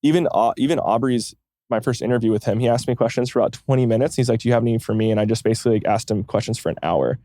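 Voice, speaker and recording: A man's voice: medium pitch, dark tone, no echo. A man, a podcast consultant, talking as a guest in a casual interview, swearing freely and acting out bits of conversation. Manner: fast, swears casually, acts out quoted dialogue.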